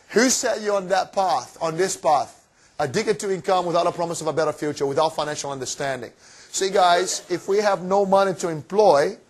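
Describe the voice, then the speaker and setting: Guy with a high voice pumping up a seminar crowd, cheeky, lots of questions at the room. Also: husky. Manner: energetic, cheeky, fires rhetorical questions. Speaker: seminar presenter. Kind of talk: motivational finance seminar talk. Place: room with a live audience.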